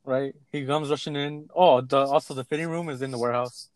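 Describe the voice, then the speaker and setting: A man's voice: medium pitch, fairly quick, dry recording. A young man in casual chat, telling a work story with acted-out quotes and plenty of swearing. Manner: animated storytelling, acts out quotes, swears freely.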